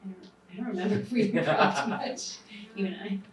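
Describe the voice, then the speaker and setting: A woman's voice: medium pitch, a little fast, slight background noise. A woman film director speaking casually at a panel Q&A, with many fillers. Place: private screening venue. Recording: roomy hall, far from mic.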